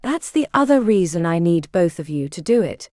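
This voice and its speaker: A woman's voice: on the low side, very animated, normal speed, a little mellow, no echo, clean studio sound, pitched below the performer's own voice. A woman reading the part of a determined young female mage who lays out a battle plan in an audiobook.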